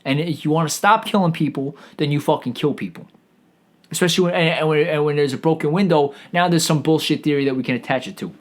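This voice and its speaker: A man's voice: on the high side, fast talker. A man hosting a comedy podcast, delivering a sarcastic, profane rant that rambles along with frequent stammered restarts.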